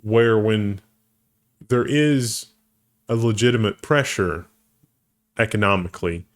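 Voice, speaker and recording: A man's voice: on the low side, animated, takes it slowly. A man co-hosting a casual tech news show, thinking aloud and often restarting his sentences. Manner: thinks aloud, restarts phrases, laughs easily. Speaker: co-host.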